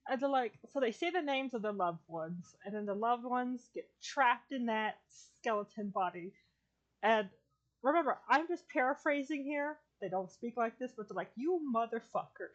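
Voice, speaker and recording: A woman's voice: on the high side, animated, unhurried, highs cut off. A woman chatting casually on a podcast, rambling through an anime plot with lots of fillers, restarts and swearing. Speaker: streamer and podcast guest. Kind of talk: casual chat.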